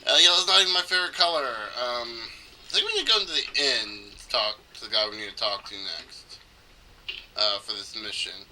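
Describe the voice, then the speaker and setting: A man's voice: medium pitch, animated, a little fast, pushed and bright, slight background noise, low-quality recording. A man casually narrating gameplay in a rambling, chatty way, often stopping to correct himself. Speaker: let's play commentator.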